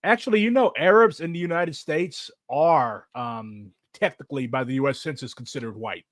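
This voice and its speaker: A man's voice: a little high, normal speed, fairly bright tone, no room sound, clean studio sound. A man answering viewer questions in casual chat, sarcastic and profane, laughing often.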